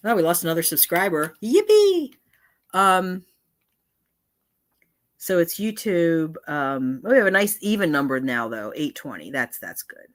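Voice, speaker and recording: A woman's voice: deep voice, lively intonation, normal speed, hardly any pauses. A woman hosting a casual live stream, chatting in a meandering way and often breaking off to circle back mid-thought. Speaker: channel host.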